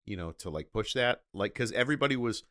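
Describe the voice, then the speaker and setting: A man with a lowish voice that swings up and down a lot as he chats excitedly about a film on a podcast. He trips over his words and restarts often, filling the gaps with "like" and "you know." The recording is dry and close, with no room sound. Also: dry recording. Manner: enthusiastic, halting, lots of restarts and "like". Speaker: podcast co-host. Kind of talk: casual movie-recap chat.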